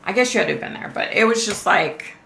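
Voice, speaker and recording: A woman's voice: medium pitch, animated, quick pace, creaky, pushed and bright, slight background noise. A middle-aged woman hosting a live stream, telling a story in a casual, chatty way, swearing freely and laughing often. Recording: roomy echo.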